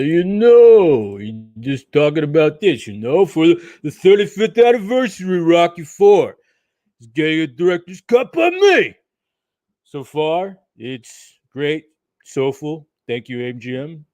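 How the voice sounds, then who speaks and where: A man's voice: fairly high pitch, big pitch swings, a little slow, darkish tone, no room sound. A man doing a mumbling boxing-star drawl. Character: gruff mumbling aging male movie boxer star.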